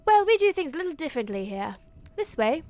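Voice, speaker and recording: A woman voicing a brisk staff guide showing a new hire around, in a lowered, matter-of-fact tone. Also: sing-song, a little mellow.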